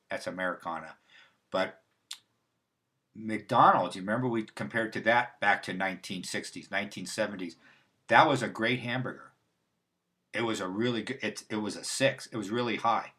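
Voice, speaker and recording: A man with a somewhat low voice hosts a casual livestream. He talks off the cuff, rambling, restarting sentences and drifting into asides. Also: bright, forceful tone. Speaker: host. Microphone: livestream mic.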